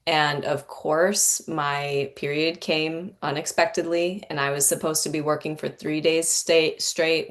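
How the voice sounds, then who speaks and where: Deep-voiced woman host, earnest n candid, lots of "like"s, reflective chat. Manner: earnest, candid, frequent "like" fillers. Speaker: podcast host. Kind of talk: reflective conversational storytelling.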